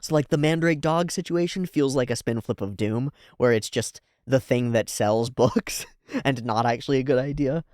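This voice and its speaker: An excitable man gives casual reaction commentary on an anime episode, rambling through his thoughts with plenty of fillers and frequent laughter. He often jumps into loud, high-pitched exclamations. His voice is mid-range and sounds dry and close. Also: normal speed, no room sound. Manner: rambling, thinks aloud with fillers.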